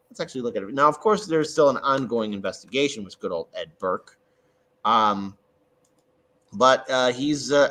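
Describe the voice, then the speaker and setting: A man from Chicago talking through local politics in a casual, halting way, with many fillers and restarts. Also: mid-range voice, pushed and bright, rough recording. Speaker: guest commentator. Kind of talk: casual political talk over a call.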